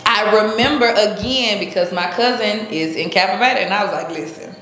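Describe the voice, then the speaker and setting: Brief: lively woman guest, storytelling, roomy echo, faint music behind. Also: mid-range voice, brisk. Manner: animated, acts out quotes, laughs often. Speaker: interview guest. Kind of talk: casual storytelling.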